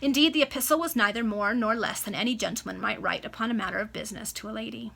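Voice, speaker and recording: A woman narrates a classic novel aloud for friends, expressive and casual, stopping now and then to fix a word. Her voice is bright and crisp. She is heard through a video call microphone. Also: mid-range voice, fast talker, hardly any pauses. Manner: expressive, occasional self-corrections. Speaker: reader.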